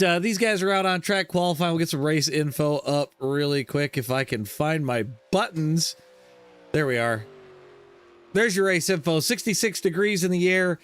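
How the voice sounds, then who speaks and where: A man hosts live sim racing coverage in a loose, easygoing way, cracking jokes and leaning on filler words. His voice sits on the higher side for a man. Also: a bit bright. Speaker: race broadcast host.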